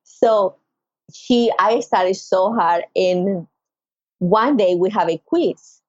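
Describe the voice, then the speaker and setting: A middle-aged Venezuelan woman with a Venezuelan Spanish accent appears as a podcast guest, slowly telling an emotional personal story. She is expressive, acting out quoted voices with big pitch jumps; the recording is muffled, with no echo.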